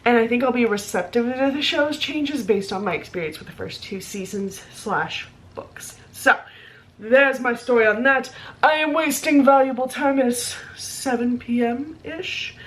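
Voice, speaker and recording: A woman's voice: fairly high pitch, measured pace. A young woman vlogging casually about her reading, chatty and rambling with lots of fillers. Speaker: book vlogger. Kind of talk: casual vlog chat.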